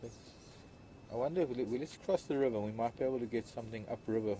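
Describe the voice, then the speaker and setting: A man giving relaxed, rambling live commentary as a safari guide, talking to viewers from an open vehicle outdoors. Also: medium pitch, fast. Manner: chatty and rambling, speaking aside to viewers. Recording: loud vehicle and outdoor noise. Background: engine and outdoor ambience.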